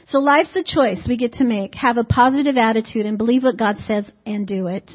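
A woman with a fairly high voice delivers a relaxed, homey sermon, tossing questions out to the congregation and slipping in little jokes. The recording is dull and lo-fi, with the top end muffled. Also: brisk. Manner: conversational, asks the congregation rhetorical questions; folksy humorous asides. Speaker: preacher.

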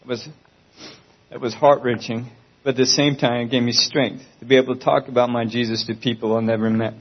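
Guy giving an earnest pleading testimony, normal pitch, kinda muffled lo-fi audio. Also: flat delivery, fairly quick, husky. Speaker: Christian testimony speaker.

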